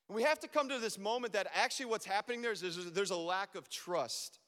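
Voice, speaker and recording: A man preaching a sermon as a pastor, animated and acting out his own prayers to God. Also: sits high, a little fast. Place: church. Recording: long reverb of a church hall.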